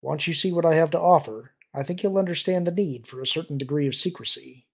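A man's voice: on the high side, fast, gravelly, husky, voice pushed up. Man voicing a mysterious confident visitor. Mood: persuasive. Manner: assured, persuasive.

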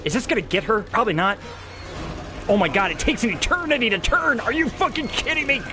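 A man giving let's-play commentary as a streamer, excitable, panicky and swearing often. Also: very high-pitched, a little fast, background noise. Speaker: gameplay streamer. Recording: gameplay audio with game music behind.

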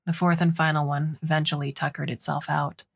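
A woman narrating a short story aloud, expressive and acting out the dialogue. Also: deep voice, a little fast, vocal fry, breathy edge. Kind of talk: audiobook story reading.

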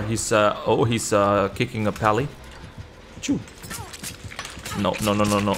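A man giving live gameplay commentary, excitable, swearing casually, jumping to high yelps when the game gets tense. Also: a little slow, faint music behind. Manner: swears casually and laughs at himself. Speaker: video game streamer.

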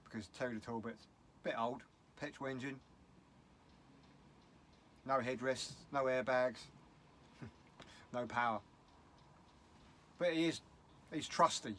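A man's voice: mid-range voice, slow pace, long pauses, bright, forceful tone, slight background noise. Upset rambling British man vlogging. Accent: British English. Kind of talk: casual vlog rant.

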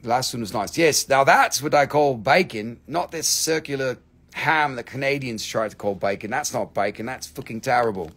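A man hosting a live sales stream, excitable and theatrical, swearing freely as he gushes over the goods. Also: medium pitch, moderate pace. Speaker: live-stream seller, host.

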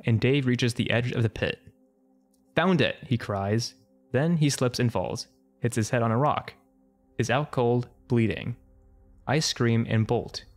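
Male narrator, mid-pitch, dry matter-of-fact comic storytelling, faint music behind. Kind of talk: comedic narration of an internet story.

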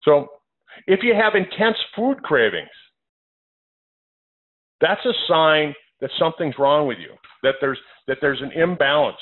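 A man hosting a health call as the doctor, lecturing in a forceful way, repeating his phrases and running through a numbered list. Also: on the high side. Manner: emphatic, repeats phrases, lists numbered points. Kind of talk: health talk on a conference call. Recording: phone-line audio.

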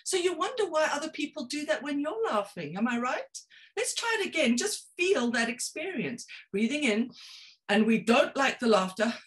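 A woman's voice: high-pitched, very animated, moderate pace, a bit bright. A middle-aged woman leading an online laughter yoga session over a video call, playful and coaxing, laughing often.

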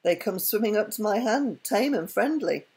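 A woman's voice: mid-range voice, animated, a little mellow, husky, voice pushed up, poor audio. A woman reading a grave rich enchanter. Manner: grave, measured. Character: wealthy grave young male enchanter.

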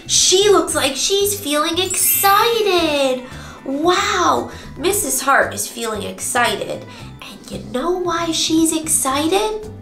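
High sing-song woman teaching toddlers. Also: expressive, takes it slowly, pushed and bright. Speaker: preschool teacher. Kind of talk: children's circle time lesson with songs. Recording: echoey room with music behind.

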